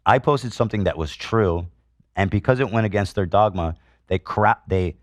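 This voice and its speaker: A man with a very low voice works through online posts as a podcast host, answering each with blunt, profane outrage. His delivery is full of ums and restarts. The sound is close and dry, with no room around it. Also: moderate pace, dry recording. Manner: heated, profane and indignant, with frequent fillers. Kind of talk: commentary reading out online posts.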